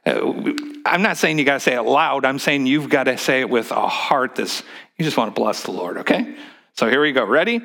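Chatty joking pastor, man, mid pitch. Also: animated, a little fast, vocal fry, fairly bright tone. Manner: conversational, joking, leads call-and-response; repeats words as he restarts. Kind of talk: sermon. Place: church sanctuary with a congregation.

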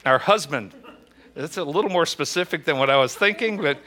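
A man preaching to a small church gathering, chatty and joking and quick to laugh. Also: on the high side, animated, pushed and bright. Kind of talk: casual joke-telling and church teaching.

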